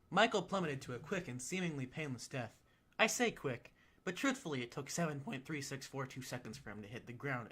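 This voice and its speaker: A man reading a story aloud, with an animated delivery full of sudden loud emphatic rises. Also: mid-range voice. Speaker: reader.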